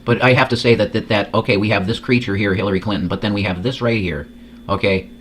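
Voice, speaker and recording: A man's voice: fairly low pitch, fairly even intonation, fast, a bit bright, a little hiss or hum. Profane, rambling male reaction host. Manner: crude, profane, rambling with repeated words. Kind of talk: casual reaction commentary.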